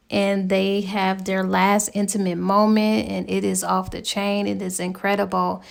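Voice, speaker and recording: A woman's voice: mid-range voice, gravelly. A woman giving a chatty, slangy spoken recap of a novel's plot as a book reviewer.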